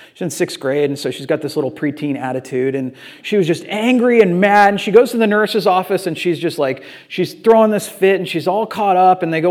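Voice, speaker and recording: A middle-aged man preaching a sermon in a casual, animated storytelling way, acting out little voices as he goes. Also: high voice. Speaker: pastor.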